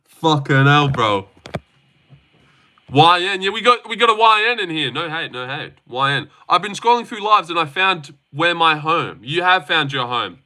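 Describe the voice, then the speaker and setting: A man's voice: a little high, expressive, normal speed, hardly any pauses, bright, forceful tone. A young man hosting a casual livestream, bantering brashly and profanely with his chat as he reads their comments. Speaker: livestream host.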